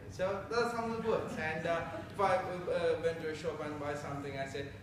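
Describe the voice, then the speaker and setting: A young man from India giving a halting, chatty speech at a citizenship ceremony, laughing often. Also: fairly high pitch, steady tone, noisy background. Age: young adult. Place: council meeting room. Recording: echoey council chamber from far off.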